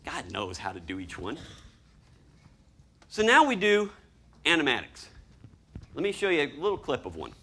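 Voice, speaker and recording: Animated man acting out his stories. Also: a little high, moderate pace, long pauses, noisy background. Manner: animated, acts out scenes and voices. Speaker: storyboard artist giving a talk. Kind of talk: lively presentation to an audience.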